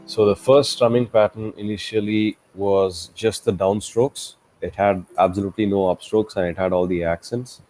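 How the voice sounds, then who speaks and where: A man's voice: lowish voice, steady tone, normal speed, hardly any pauses, mellow. A man teaching a one-to-one guitar lesson, patiently explaining a strumming pattern step by step and counting beats aloud. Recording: guitar playing throughout. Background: acoustic guitar playing.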